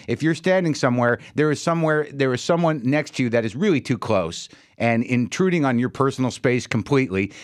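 A man hosts a radio show in a loose comic monologue. He rambles wryly and acts out the people he quotes. His voice sits at an ordinary pitch, recorded dry and close in the studio. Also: no room sound.

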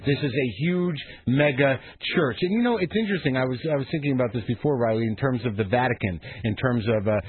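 Brief: husky male radio host, sarcastic and rambling, dry narrow studio sound. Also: mid-range voice, fast talker, few pauses, no echo. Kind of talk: morning radio talk show.

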